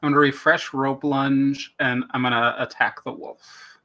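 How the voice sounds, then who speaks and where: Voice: mid-range voice, level tone, unhurried, sharp tone. A player in a tabletop role-playing game, easygoing, checking the rules as they go. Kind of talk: casual chat at a game table.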